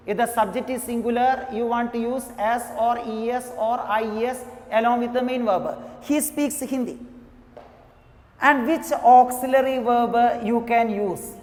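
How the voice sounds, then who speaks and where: A woman teaching an English grammar lesson, talking slowly, repeating each example and saying "you know" often. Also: fairly high pitch, darkish tone. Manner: slow, repetitive, says "you know" often. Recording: echoey room with long reverb.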